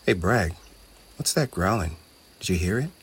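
A man voicing a small, gentle, cheerful goblin boy in a storybook. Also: low-pitched, lively intonation, moderate pace, a little hiss or hum. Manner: soft, friendly.

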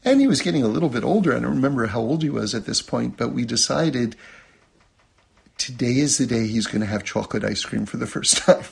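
A man teaching a religious lesson, telling a personal story and acting out quotes in a much higher voice, often checking in with "okay?". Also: lively intonation, fairly quick, gravelly, slightly rough. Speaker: Torah teacher.

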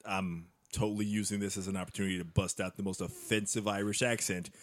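A man's voice: on the low side, steady tone, fast talker, a bit bright. A man co-hosting a podcast, rambling in a casual, profane way with lots of filler words. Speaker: podcast co-host. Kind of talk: casual movie-review chat.

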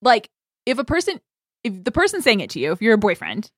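A woman co-hosting a podcast, chatting casually and rambling through her thoughts with frequent giggles. Her pitch swings about lively. The sound is dry and close. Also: fast talker, no room sound. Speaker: podcast co-host. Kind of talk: casual chat.

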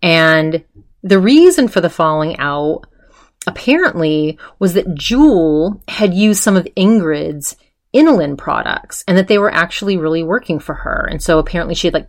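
A woman hosting a podcast, chatting casually as she retells a story, full of fillers and quoted voices. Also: fairly low pitch. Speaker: podcast host.

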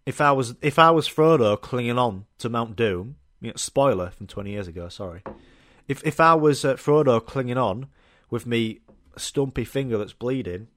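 A young man rambles through a casual solo podcast, blunt and jokey, with plenty of swearing. His pitch sits in an ordinary middle range. The recording is dry and close, with no room sound. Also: moderate pace, a bit bright, dry recording. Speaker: podcast host.

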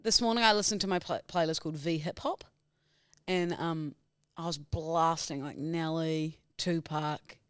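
A woman's voice: sits low, measured pace, smooth, dry recording, studio quality. A woman co-hosting a podcast, playful and laid-back in casual comedy banter. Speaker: podcast co-host.

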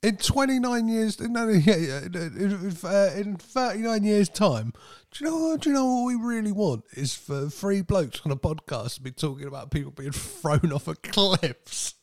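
Co-host, higher voice with lively swings, rambling, dry close sound. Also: male voice, moderate pace, few pauses, dry recording. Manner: rambling, laughing storyteller. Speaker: podcast co-host. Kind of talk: casual film podcast chat.

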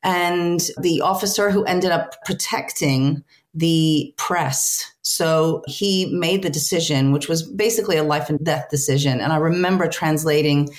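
A woman who works as a film translator, talking as an interview guest in an earnest, reflective way, often pausing to search for words. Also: sits low.

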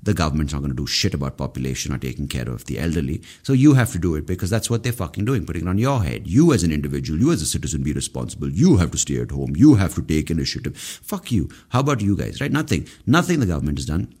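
A man's voice: rumbling low, very animated, fast talker, darkish tone, husky. A man, hosting a solo podcast and ranting in a profane, exasperated way. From India. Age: 30s. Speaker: podcast host.

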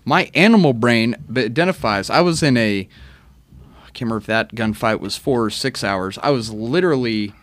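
Profane, animated man telling stories. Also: medium pitch, a little fast, dry recording. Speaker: podcast guest, army veteran. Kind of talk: casual podcast chat.

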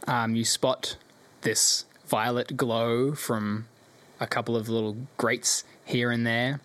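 A man's voice: mid-range voice, little pitch movement, takes it slowly, a bit bright, dry recording. A man running a tabletop game as game master, narrating loosely with fillers.

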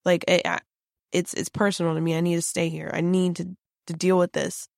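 A woman's voice: on the low side, level tone, brisk, gravelly, a little mellow, dry recording, studio quality. A woman, a psychic on a paranormal team, recounting a vivid dream in casual chat, rambling with many fillers and restarts.

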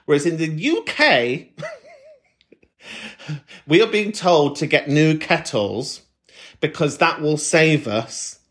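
Casual British host, common accent, animated delivery with lots of pitch swing, swears a lot. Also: takes it slowly, long pauses. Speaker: podcast host. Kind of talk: casual chat.

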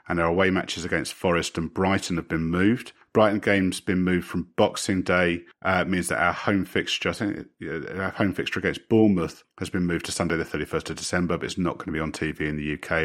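A man's voice: sits low, fairly bright tone. A man co-hosting a casual football podcast, rambling with lots of "you know" and restarts. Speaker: podcast co-host.

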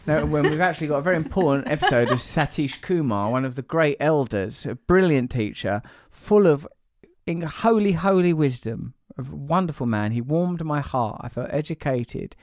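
A man's voice: fairly high pitch, expressive, moderate pace, hardly any pauses, darkish tone, no room sound, studio quality. A man hosting a casual podcast, rambling and jokey, teasing his co-worker and trailing off with fillers. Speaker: podcast host.

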